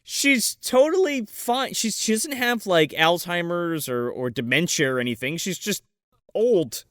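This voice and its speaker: Excitable high-voiced man riffing crudely. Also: measured pace, no room sound, studio quality. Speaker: podcast co-host. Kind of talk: casual comedic movie review chat.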